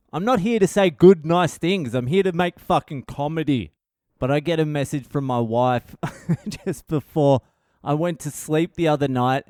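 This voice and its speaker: A man's voice: fairly high pitch, a little mellow, clear, resonant tone, no echo, studio quality. A man hosting a comedy podcast in a casual, profane, self-mocking monologue, acting out what others said. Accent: Australian.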